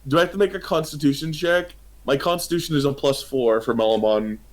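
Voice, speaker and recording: Guy playing a tabletop game, keeps laughing, excited about how it's going. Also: a little high, a little fast. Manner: giggly, excitable. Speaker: player. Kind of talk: casual tabletop play.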